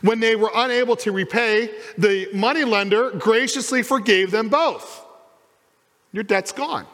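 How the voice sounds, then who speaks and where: A man's voice: high-pitched, a little slow, long reverb tail. A man preaching a sermon as pastor in a church, acting out the voices of the people in his story. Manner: animated preaching, acts out quoted voices. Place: church sanctuary.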